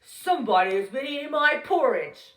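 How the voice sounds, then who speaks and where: A woman voicing a big father bear in a loud, growly voice, recorded in a roomy space a little way off from the mic. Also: expressive, normal speed. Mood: grumpy. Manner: loud, booming. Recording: roomy, from a distance.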